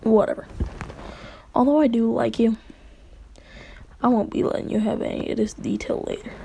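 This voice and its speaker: A woman voicing a smug, teasing teenage boy hero in a deadpan manner, close to her own voice. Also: fairly high pitch, normal speed, vocal fry, slight background noise.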